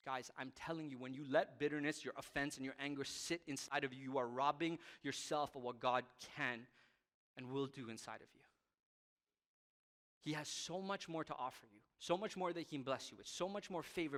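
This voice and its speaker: A man preaching a youth sermon from a stage, passionate, swinging from loud to quiet. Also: mid-range voice, brisk. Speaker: youth pastor. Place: church hall stage. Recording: long reverb of a hall.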